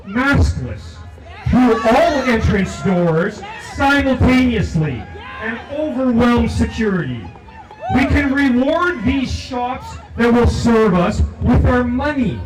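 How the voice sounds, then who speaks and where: An older man giving an impassioned protest speech outdoors, declaiming repeated lines and shouting to lead the crowd in chants. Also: sits high. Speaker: protest speaker. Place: outdoor rally at a legislature. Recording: echoey, distant from the mic, loud crowd.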